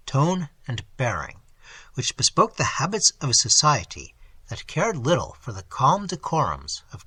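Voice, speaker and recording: A male audiobook reader narrates in a measured, expressive way, his pitch rising and falling widely. His voice is bright and somewhat husky, and it sits close and dry on the mic. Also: no echo. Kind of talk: scripted narration.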